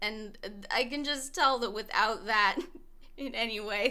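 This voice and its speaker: A woman's voice: on the high side, unhurried, pushed and bright. A young woman streaming a video game, rambling casually with many fillers, swearing and laughing. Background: faint music playlist.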